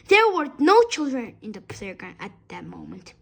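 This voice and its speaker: A woman's voice: on the high side, huge pitch swings, normal speed, creaky, slightly rough. A woman reading a children's story aloud expressively, with small slips.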